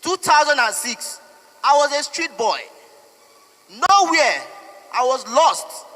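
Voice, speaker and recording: A man's voice: extremely high pitch, lively intonation, takes it slowly, sharp tone. A young Nigerian man with a Nigerian accent, speaking out in an emotional, pleading and defiant street interview. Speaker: protester. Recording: echoey hall with long reverb.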